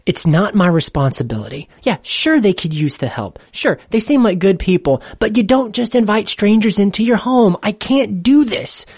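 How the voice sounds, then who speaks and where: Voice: mid-range voice, lively intonation, moderate pace, hardly any pauses, a little mellow, slightly rough, no echo, clean studio sound, pitched above the performer's own voice. A reader doing Jared, a guilt-torn young man. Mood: defiant. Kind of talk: storybook reading.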